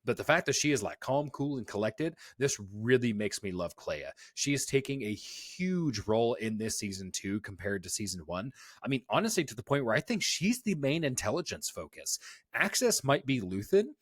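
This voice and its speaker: Animated man on a dry close mic. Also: medium pitch, normal speed, no echo. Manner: animated storytelling, acts out quotes. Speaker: podcast co-host. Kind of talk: casual review chat.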